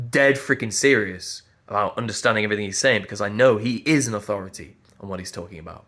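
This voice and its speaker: Guy, voice teacher, fairly low voice, earnest and emphatic, repeats himself as he thinks. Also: a little fast, a bit bright. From Yorkshire. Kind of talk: motivational talk to camera.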